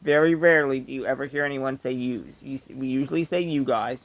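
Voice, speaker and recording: A man with a Delco accent, the Philadelphia-area sound, delivers a blunt, opinionated rant to his viewers. His pitch sits right in the middle for a man. He talks casually and emphatically, with no polish. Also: fast, poor audio. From Delaware County, Pennsylvania. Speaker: vlogger. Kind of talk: casual ranting monologue.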